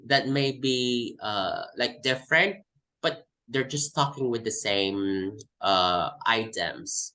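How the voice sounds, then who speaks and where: Man, English tutor, slow unhurried pace, crisp bright tone. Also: mid-range voice, poor audio. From Philippines. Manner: explains by repeating example words. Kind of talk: online class lesson.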